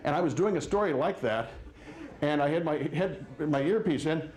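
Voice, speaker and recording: A man in his forties doing a stand-up comedy set, telling wry stories with quick quoted asides. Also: on the high side, a little mellow, roomy sound. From Wisconsin. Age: 40s. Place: live comedy venue with audience.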